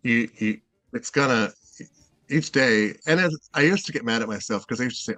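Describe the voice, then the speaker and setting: A man's voice: medium pitch, moderate pace, bright, forceful tone, dry recording. A middle-aged man from Seattle, a guest in a casual interview, rambling and hesitant with many fillers and restarts. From Seattle, USA.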